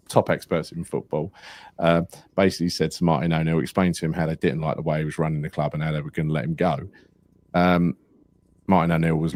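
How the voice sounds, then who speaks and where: A man's voice: a bass voice, a little mellow, no room sound. A man co-hosting a casual football podcast, chatty and sweary, telling anecdotes with plenty of banter. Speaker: podcast co-host.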